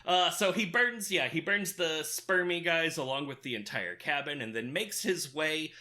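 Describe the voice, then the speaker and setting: A man's voice: a little high, normal speed, slight background noise. Sarcastic man recapping a bad film. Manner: sarcastic, deadpan plot summary with frequent "uh". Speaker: podcast co-host. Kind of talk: casual movie recap.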